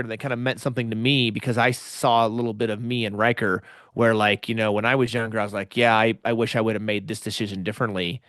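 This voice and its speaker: A man's voice: lowish voice, a bit bright, dry recording, studio quality. A man co-hosting a podcast in casual chat. He is reflective and often repeats a word as he starts a sentence. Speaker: podcast co-host.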